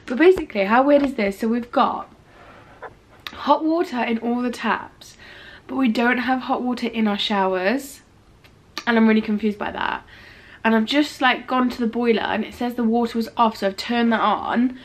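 A woman in her twenties chatting casually for her vlog in her student flat, full of "like" fillers, her throat a little rough from a cold. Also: fairly high pitch, normal speed. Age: 20s. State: slightly ill, throat rough. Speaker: vlogger.

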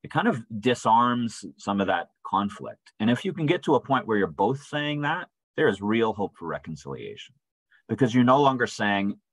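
A man's voice: mid-range voice, very animated, moderate pace, fairly bright tone, no echo, poor audio. A man leading a church Bible study in a conversational way, often asking "right?" and acting out quoted voices. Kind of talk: informal Bible study teaching. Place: church room.

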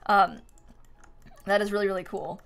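A woman's voice: mid-range voice, steady tone, moderate pace, vocal fry, smooth. A woman live-streaming a life-sim game, chatting casually, thinking aloud as she builds and thanking viewers by name with frequent giggles.

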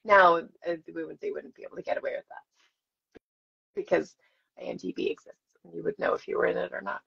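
Give me a self-deprecating woman chatting live with fans, a bit husky, muffled recording. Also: fairly low pitch, steady tone, brisk, a bit bright. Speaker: actress signing autographs for fans. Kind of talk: live-stream Q&A chat. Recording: dull lo-fi stream audio.

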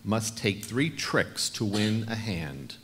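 A man's voice: on the low side, lively intonation, slow, fairly bright tone, a little hiss or hum. A man serving as a spelling bee pronouncer, carefully enunciating each word and reading definitions and origins. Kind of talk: formal word pronunciation and definitions.

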